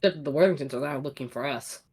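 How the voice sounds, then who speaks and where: A woman's voice: very deep voice, fast, darkish tone, a little hiss or hum. A woman playing in a tabletop role-playing game, with a wry, skeptical way of talking. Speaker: player.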